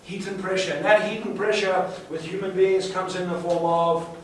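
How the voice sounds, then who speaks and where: A man's voice: sits high, little pitch movement, normal speed. Emphatic man in an echoey hall. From South Africa. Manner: emphatic, asks the audience rhetorical questions, repeats words. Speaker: sales trainer. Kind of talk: live seminar talk. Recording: echoey room, far from the mic, faint hiss.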